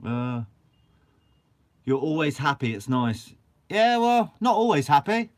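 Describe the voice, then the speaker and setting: A man's voice: on the high side, very animated, slow pace. A young man from Guernsey, hosting a fishing channel and answering live chat in a chatty, upbeat way with casual swearing. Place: shed.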